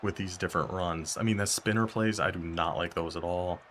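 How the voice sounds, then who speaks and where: Gaming YouTuber, male, lower voice, running self-commentary over gameplay with a faint hiss of noise. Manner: talks to himself while playing, quick bursts of excitement and frustration.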